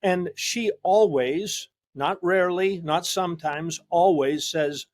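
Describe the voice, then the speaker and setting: Slow, earnest man with a higher voice. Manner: earnest, emphatic, repeats words when starting sentences. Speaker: psychologist hosting a reaction show. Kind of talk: conversational discussion.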